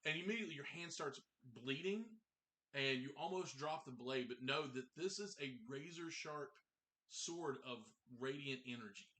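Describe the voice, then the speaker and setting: A man's voice: fairly high pitch, normal speed, sharp tone. A man running a tabletop game as game master over a video call, often restarting and repeating words as he narrates.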